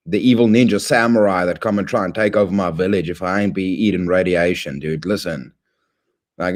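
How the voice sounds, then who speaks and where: A man hosting a casual livestream, rambling and shouting out viewers by name with excitable slang. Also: on the low side. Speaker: livestream host.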